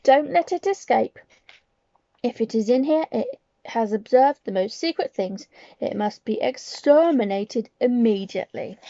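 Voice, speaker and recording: Woman doing an evil witch leader, imperious, slow barked orders, lively pitch, dark tone, dry muffled sound. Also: no room sound. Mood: ferocious. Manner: imperious, barking orders slowly.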